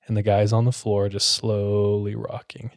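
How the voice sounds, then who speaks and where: A man hosting a podcast, casually telling a scary story in a relaxed way and filling his speech with "like". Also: fairly low pitch, moderate pace, no echo, studio quality. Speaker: podcast host.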